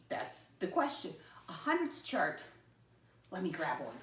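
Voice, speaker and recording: A woman teacher talking a lesson for young children in an animated, sing-song way, slowing down to spell words letter by letter. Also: on the low side, reverberant, slight background noise.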